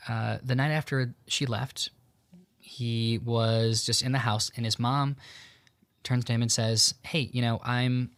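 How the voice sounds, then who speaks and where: A young man hosting a podcast, retelling a story in a relaxed, casual way with lots of fillers and quoted dialogue. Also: medium pitch, dry recording. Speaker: podcast host. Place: home in Tucson.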